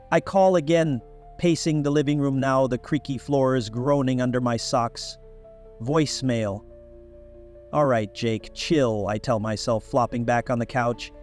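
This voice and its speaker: A young man narrating a first-person story in a casual, wry, conversational way. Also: mid-range voice.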